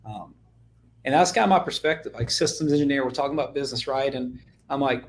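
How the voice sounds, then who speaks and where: A man's voice: mid-range voice, lively intonation, fast talker, slight background noise. A young man with a Southern US accent, a podcast guest telling his story in a laid-back way, full of "man" and "like". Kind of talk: casual interview chat.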